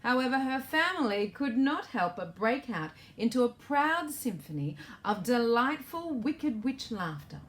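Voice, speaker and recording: A woman's voice: on the high side, big pitch swings, a little slow, hardly any pauses. A woman author reading her children's storybook aloud in a playful way and asking the young listeners questions.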